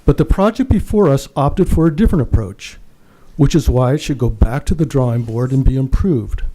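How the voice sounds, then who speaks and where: A man's voice: medium pitch, lively intonation, a little fast, dark tone. A man giving a prepared public comment at a city council meeting, earnest and emphatic as he reads from his notes.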